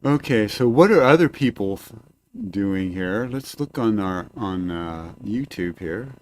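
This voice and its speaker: A man's voice: fairly low pitch, expressive, a little slow, a little hiss or hum. A man hosting a live-stream radio show from a cabin, rambling casually with lots of filler and swearing. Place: cabin, indoors.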